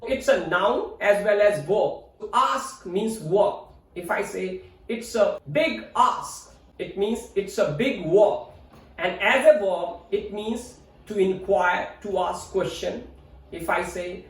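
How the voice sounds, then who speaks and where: A man with an Indian English accent teaching English, speaking deliberately and spelling words out letter by letter. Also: high voice, a bit bright. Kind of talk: instructional lesson. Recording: roomy echo, mic at a distance.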